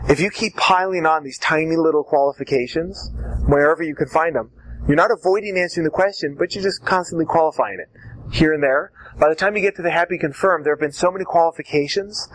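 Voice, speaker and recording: A man teaching cross-examination technique, casually acting out both sides of quick question-and-answer exchanges with a wry tone. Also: a little high, fairly bright tone, low-quality recording. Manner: wry, acts out quick back-and-forth exchanges. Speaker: debate coach. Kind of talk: instructional talk with acted examples.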